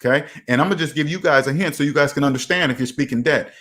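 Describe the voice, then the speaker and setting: A man's voice: a little high, racing, fairly bright tone. A man hosting a personal finance channel, giving casual, emphatic advice and acting out the people he quotes.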